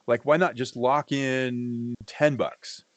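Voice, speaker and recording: A man's voice: medium pitch, steady tone, takes it slowly, no echo. A man on a livestream, chatting casually and joking, rambling and cutting himself off as he goes. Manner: joking, rambling, self-interrupting. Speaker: livestream co-host. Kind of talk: casual trading chat.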